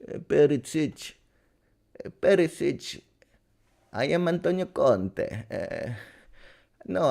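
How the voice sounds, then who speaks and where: Man impersonating whiny self-important coach, soft and pleading, quiet delivery, broken English, lively pitch. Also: creaky, heavily acted.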